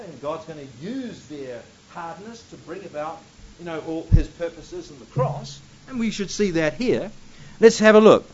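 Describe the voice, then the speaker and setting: A man's voice: high-pitched, a little mellow, slight background noise. A man teaching a Bible passage verse by verse, reading scripture aloud and breaking in with emphatic asides. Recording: dull lo-fi recording.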